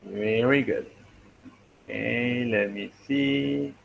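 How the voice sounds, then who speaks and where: A man teaching a linguistics class, talking slowly and thinking aloud as he works through examples. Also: medium pitch, gravelly, low-quality recording. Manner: slow, thinking aloud while writing, frequent "okay" and "let me see". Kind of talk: online class lecture.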